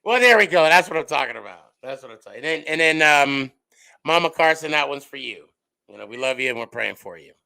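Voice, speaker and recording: A middle-aged man hosts a casual podcast, his voice fairly high and very bright, with a gravelly rasp. He tells stories animatedly, jumping between quiet asides and loud outbursts. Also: fairly quick, poor audio. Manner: animated storyteller, big swings in loudness and pitch. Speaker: podcast host.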